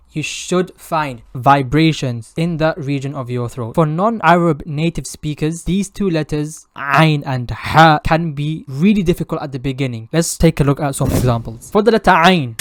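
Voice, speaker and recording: A man leads a pronunciation lesson as a recitation teacher, speaking in a measured, deliberate way. He stretches out each example sound slowly so it can be heard clearly. When he points out common errors, his tone turns firm and corrective. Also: fairly high pitch, a little hiss or hum.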